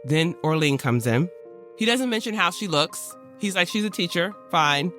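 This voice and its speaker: A man with a bright, forceful, fairly high voice tells a historical story as a casual podcast chat. He slips into modern slang and quick acted-out lines for the people in the story. Faint music sits behind him. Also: very animated. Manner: retells history in modern slang, briefly acting out quoted characters. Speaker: podcast host.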